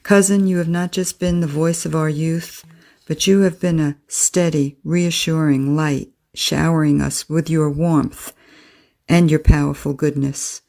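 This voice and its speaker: A woman reading a listener's heartfelt letter aloud, measured and earnest. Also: sits low, steady tone, creaky, mellow. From United States. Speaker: listener message reader.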